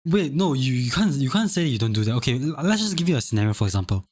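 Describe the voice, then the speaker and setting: A man's voice: mid-range voice, very animated, fast, a little mellow. A young man streaming live, chatting casually with lots of stammered restarts and laughter. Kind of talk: casual chat.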